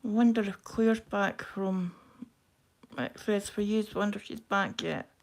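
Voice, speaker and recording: Broad Scottish woman, chatty and quick. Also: mid-range voice, creaky. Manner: quick-talking, chatty, self-deprecating. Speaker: craft livestream host. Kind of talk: casual chat while stitching, reading live comments.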